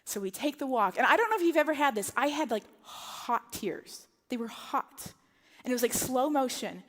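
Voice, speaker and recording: A woman preaching, telling a personal story in an animated way and acting out her own lines and other people's lines in a church setting. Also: high voice, moderate pace. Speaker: pastor. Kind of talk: sermon storytelling. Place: church auditorium. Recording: long hall reverb.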